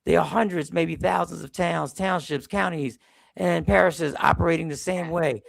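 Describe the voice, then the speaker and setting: High gravelly man, heated commentary. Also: fairly even intonation, normal speed, no room sound. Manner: heated, emphatic, repeats himself. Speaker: show host. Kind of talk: casual live-stream commentary.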